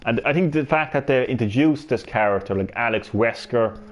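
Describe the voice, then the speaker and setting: A man hosting a gaming channel, talking excitedly through video game lore, rambling and swearing, on a headset mic. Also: medium pitch, fairly quick, slight background noise. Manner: excitable, rambling, swears often, many restarts.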